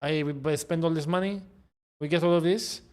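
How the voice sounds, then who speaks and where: A man with a London accent impersonating a fuming older male club president, complaining in a quick mock rant. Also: a little high, steady tone, darkish tone, smooth, natural voice.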